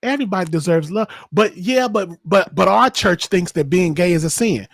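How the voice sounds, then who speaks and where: A man's voice: sits high, animated, normal speed, no room sound, clean studio sound. A man hosting a podcast, talking in an impassioned, emphatic way in casual discussion. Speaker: podcast host.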